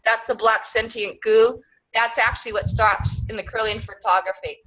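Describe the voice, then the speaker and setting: A woman who calls herself a clan mother is interviewed, speaking earnestly and ramblingly with frequent laughter between thoughts. Her voice is fairly high with fairly even intonation at a normal speed, over background noise and a dull lo-fi sound.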